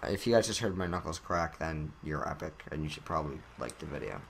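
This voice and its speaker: A man doing let's-play commentary, excitable with sudden shouted outbursts. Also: a bass voice, brisk, vocal fry, background noise. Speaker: gaming commentator.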